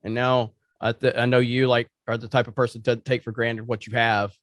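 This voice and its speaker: A man's voice: medium pitch, flat delivery, brisk, no room sound. A man co-hosting a casual panel chat, enthusiastic and agreeable, laughing often. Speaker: co-host.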